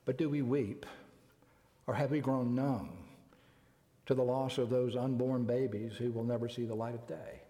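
An older man from the United States preaching a sermon, emphatic and deliberate, slowing down to stress key words. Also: mid-range voice, fairly even intonation, dark tone. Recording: long reverb.

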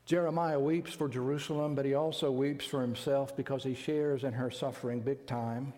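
An older man from the United States preaching a sermon, emphatic and deliberate, slowing down to stress key words. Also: mid-range voice, fairly even intonation, dark tone. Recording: long reverb.

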